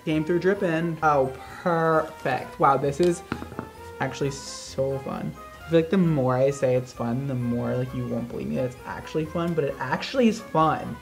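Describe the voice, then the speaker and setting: Dramatic man with a lively voice. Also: high voice. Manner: dramatic, exaggerated reactions, self-mocking. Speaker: hairstylist. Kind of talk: casual hair-coloring vlog.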